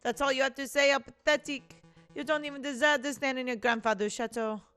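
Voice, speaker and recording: A woman's voice: sits high, steady tone, a little fast, a bit bright, faint music behind. A woman voicing a cold, contemptuous villain who belittles the hero. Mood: scornful. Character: scornful villainous man taunting the lawyer.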